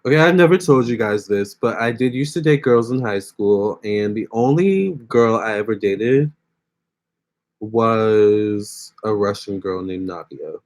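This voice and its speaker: A man's voice: on the low side, lively intonation, unhurried. A young man hosting a casual phone livestream, chatting with viewers and reading their comments aloud. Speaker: livestream host.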